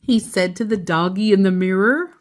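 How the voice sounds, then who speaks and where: A woman reading a picture book aloud to a child in an expressive, playful way. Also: medium pitch, moderate pace. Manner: expressive, playful, laughs along. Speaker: storyteller.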